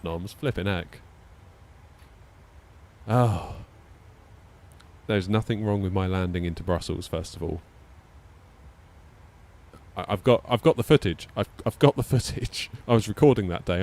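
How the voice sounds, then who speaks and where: A man's voice: low voice, animated, moderate pace, creaky, pauses often. A man chatting casually on a live stream, rambling with many fillers and little laughs. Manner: rambling, hesitant, lots of fillers and self-deprecating laughs. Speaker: flight sim streamer.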